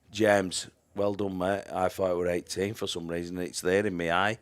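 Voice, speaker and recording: Bloke commentating pool on a stream, really deep voice, chatty, says hi to everyone. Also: male voice, fairly even intonation, normal speed, few pauses, clean tone. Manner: chatty, greets viewers by name, mumbles asides. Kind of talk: casual live-stream commentary.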